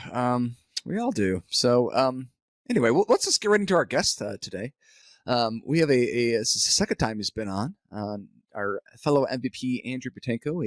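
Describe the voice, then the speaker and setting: A man's voice: mid-range voice, no echo, studio quality. A man hosting a tech podcast, chatty and upbeat as he introduces and questions the guest. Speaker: podcast host. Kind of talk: casual podcast chat.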